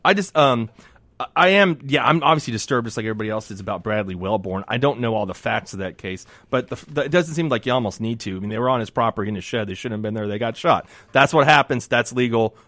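A man co-hosting a radio talk show as a former prosecutor, telling animated stories and hedging on touchy points. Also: mid-range voice, quick pace, no room sound. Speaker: radio co-host, former assistant district attorney. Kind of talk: casual radio talk and storytelling.

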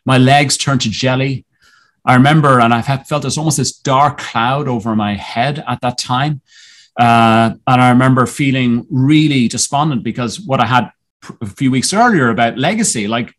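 A man as a podcast guest telling a personal story in a reflective, earnest way, often halting and restarting his sentences. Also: medium pitch, fairly bright tone.

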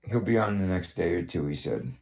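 Man, very low voice, casual group chat, rambling, swears a lot. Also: very animated, a little fast, gravelly, a little mellow, slight background noise.

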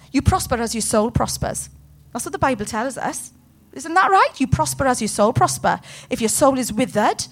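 A woman preaching a sermon with passion, putting questions to her congregation. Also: on the high side. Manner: impassioned, talks to the room with questions.

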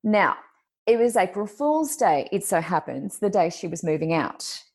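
A woman hosting a casual chat, telling a story in an animated, dramatic way. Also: fairly low pitch, normal speed. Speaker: podcast host.

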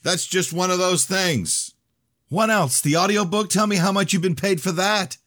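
A man's voice: on the low side, big pitch swings, moderate pace, darkish tone, breathy edge, no echo, clean studio sound, voice pushed up. A man voicing a distraught young woman in an audiobook, pleading and breaking into tearful outbursts. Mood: upset yelling. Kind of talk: audiobook reading.

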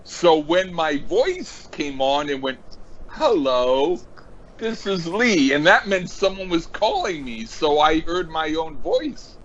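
A man chatting casually, slow and halting, restarting his sentences often. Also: on the high side, expressive, fairly bright tone. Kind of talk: casual chat. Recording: dull lo-fi with faint noise.

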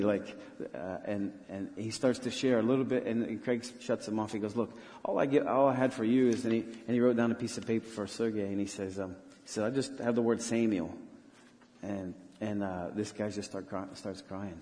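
A man with a lowish, mellow voice tells a story with earnest conviction, stopping and restarting as he goes. He is a missionary pastor being interviewed in church. His voice carries a long reverb from a large hall. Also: fairly even intonation. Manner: earnest, halting, many restarts.

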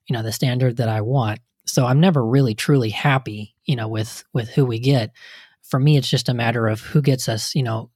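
A man's voice: mid-range voice, darkish tone, no room sound, studio quality. A man in casual political chat, speaking hesitantly with frequent "you know" and "um.".

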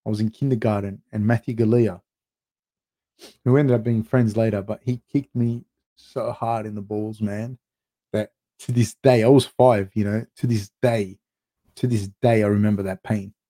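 Mellow-voiced man chatting loosely on a livestream. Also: lowish voice, steady tone, normal speed. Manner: loose, profane, rambling with many fillers. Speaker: host of a live fight recap show. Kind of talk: casual live-stream chat reading viewer comments.

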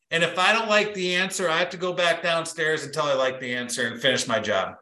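A man's voice: on the high side, a little fast, hardly any pauses, roomy sound, rough recording. A middle-aged man giving a motivational business talk as guest speaker, telling stories and acting out the quotes in them. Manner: animated storyteller, acts out quotes.

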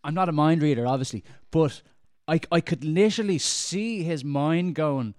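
A man's voice: a little high, lively intonation, fast, a little mellow. A man, co-hosting a podcast and telling a story casually, mimicking the people in it. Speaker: podcast co-host.

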